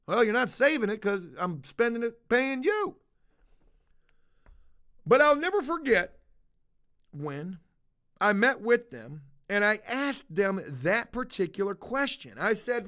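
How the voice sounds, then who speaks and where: A man's voice: high-pitched, big pitch swings, measured pace, a bit bright. A man ranting profanely to his livestream chat, rambling from one jab to the next and mocking a viewer. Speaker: streamer talking to chat. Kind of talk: casual livestream rant.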